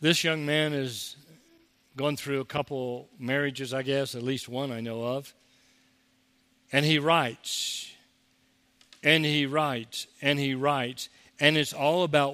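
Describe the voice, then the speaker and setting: Male pastor, conversational sermon, mocks whiners in quoted voices; bright tone, reverberant sanctuary. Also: on the high side, slow, smooth.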